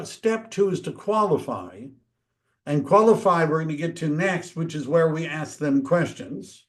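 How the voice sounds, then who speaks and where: A man teaching a real estate training, talking casually and acting out quick dialogues with homeowners. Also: a little high. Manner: conversational, acts out dialogues. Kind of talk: training talk.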